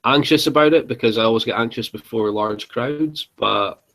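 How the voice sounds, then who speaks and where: A man's voice: mid-range voice, normal speed, vocal fry, a bit bright, poor audio. Young man, live-chat co-host, chatty and giggly, filler-heavy. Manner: chatty, laughs often, lots of fillers. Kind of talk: casual chat.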